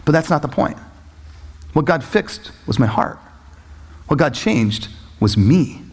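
A man preaching a sermon as he tells a personal story, acting out voices and leaping up in pitch when excited, laughing at times. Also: slow, breathy edge. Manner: animated storytelling, acts out voices, jumps high when excited. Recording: echoey hall reverb.

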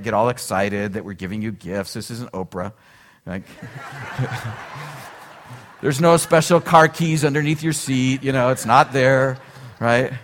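Animated conversational male pastor. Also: medium pitch. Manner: conversational, animated, frequent "like" and "right?". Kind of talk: sermon.

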